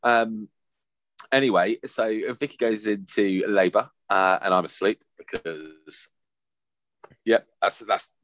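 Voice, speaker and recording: A young man, casually telling a lively, sweary story on a podcast. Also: lowish voice, takes it slowly, no echo. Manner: animated, sweary, laughing anecdote-telling. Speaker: podcast host.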